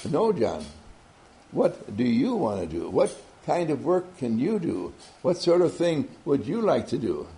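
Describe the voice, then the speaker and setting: Man putting on a kindly old boss, gentle, loving, gravelly, lively lilt. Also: medium pitch, a little slow. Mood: encouraging. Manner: gentle, warm and praising. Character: kindly older male company boss.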